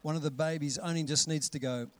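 Animated man preaching a sermon. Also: on the high side, fast talker. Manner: animated, acts out voices with big loud calls. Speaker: pastor.

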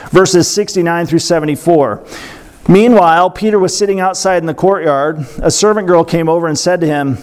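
Chatty male preacher, fairly high voice. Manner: conversational, self-interrupting with fillers and asides. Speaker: pastor. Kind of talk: sermon.

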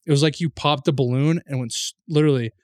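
A man's voice: medium pitch, fairly even intonation, quick pace, no room sound, studio quality. A man co-hosting a podcast, recounting a story with lots of fillers and restarts. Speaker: podcast co-host. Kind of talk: casual chat.

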